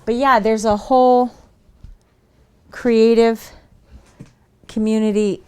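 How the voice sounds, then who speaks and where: A woman streams from her desk at home, chatting loosely with her viewers as she works on crafts. Her voice sits at an ordinary middle pitch. She laughs often and breaks off to talk to her dog. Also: a little slow, pauses often, darkish tone. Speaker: streamer making her own merch. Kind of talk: casual live-stream chat while crafting.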